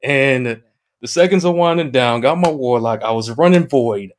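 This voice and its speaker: An excitable man in a casual chat, telling a gaming story with energy and acting out other people's voices. His pitch sits in the middle range for a man. He swears mildly as he talks. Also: moderate pace, a little hiss or hum. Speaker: guest, video game streamer. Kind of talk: casual anecdote on a podcast.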